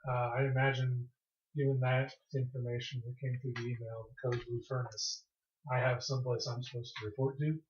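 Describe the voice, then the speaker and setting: A man's voice: medium pitch, little pitch movement, brisk. A man playing a tabletop game, thinking aloud in a hesitant way with many restarts. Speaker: player. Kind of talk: casual tabletop play. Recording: echoey room, dull lo-fi sound.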